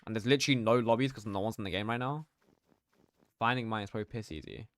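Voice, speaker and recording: A man's voice: on the low side, fast talker, a bit bright, clean tone, dry recording. A young man streaming a game, chatting casually, reading out his chat and laughing often. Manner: slangy, reads chat aloud, laughs often.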